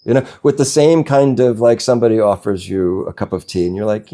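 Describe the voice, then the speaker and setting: A man with a low, deep voice talks as a spiritual teacher at a gathering. His tone is mellow and warm, and he speaks slowly and gently, pausing often and laughing softly. Birdsong can be heard faintly behind him. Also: expressive. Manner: slow, gentle, reflective, with soft laughs. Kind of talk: satsang talk.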